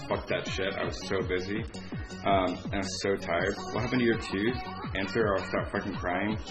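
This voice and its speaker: A young man with a lowish voice tells a story in a loose, rambling way. He packs his talk with "like" and swears freely. The recording sounds dull and lo-fi, with clear music playing behind him. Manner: rambling, heavy use of filler "like", frequent swearing. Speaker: vlogger. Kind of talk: casual storytelling.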